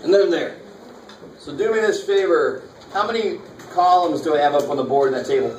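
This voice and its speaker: In a college classroom, a math instructor casually walks students through calculator steps, tossing in slangy asides. His voice is fairly high and fairly quick, picked up by a distant mic in an echoey room with faint noise.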